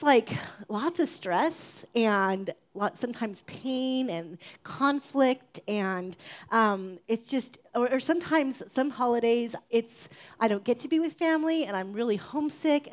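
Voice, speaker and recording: A woman with a fairly high voice preaches in a chatty, conversational way. She talks her listeners through a sermon like a friend sharing stories, now and then raising her voice to act out a shouted line. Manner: conversational, acts out shouted quotes.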